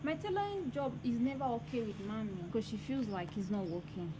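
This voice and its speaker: A woman's voice: fairly high pitch, fairly quick, background noise, lightly acted. A woman with a Nigerian accent playing a young tailor who pleads and soothes her partner in a skit. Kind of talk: amateur skit acting.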